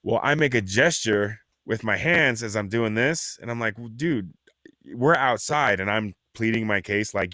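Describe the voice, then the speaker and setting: This podcast host is a man whose low-leaning voice moves at normal speed as he chats casually, telling lively stories, swearing heavily, and mimicking people mockingly. There's no room sound, just clean studio audio.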